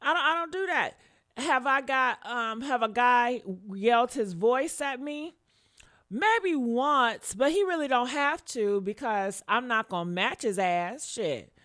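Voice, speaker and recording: A woman's voice: on the high side, lively intonation, unhurried, a bit bright. A woman in her fifties giving casual live commentary on a crime case, blunt and profane, talking straight to her viewers. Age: 50s. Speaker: commentary vlogger.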